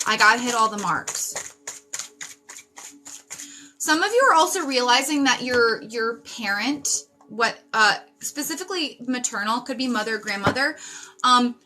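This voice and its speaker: A woman's voice: a little high, bright, forceful tone. A woman in her thirties giving an intense spiritual reading, emphatic and repetitive, swearing for emphasis. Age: 30s. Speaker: psychic reader. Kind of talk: spiritual tarot reading monologue.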